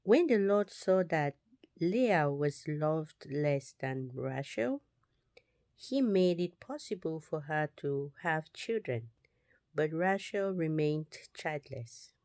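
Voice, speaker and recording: A woman reading a scripture passage aloud, slow and deliberate, sometimes dropping to a whisper. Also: low-pitched, expressive, darkish tone, dry recording. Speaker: Bible reader.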